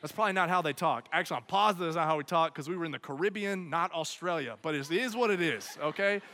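A young man with a high, bright voice tells an animated comic story to an audience. He keeps pausing to check in with his listeners. His voice echoes through a large hall with a long reverb. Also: a little hiss or hum.

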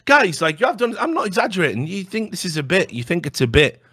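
A man hosting a podcast, delivering an animated, mocking comedic rant with swearing and stammered restarts. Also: high voice, quick pace, slightly rough. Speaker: podcast host.

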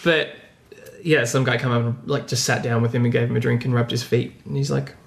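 A man's voice: mid-range voice, flat delivery, a little fast, creaky. A man hosting a podcast, chatting playfully and laughing often. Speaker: podcast host. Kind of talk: casual chat.

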